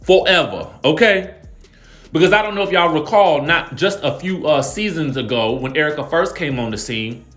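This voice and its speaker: A man recapping reality TV drama in an animated, emphatic, slangy way. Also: fairly high pitch, normal speed, faint music behind. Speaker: celebrity gossip YouTuber.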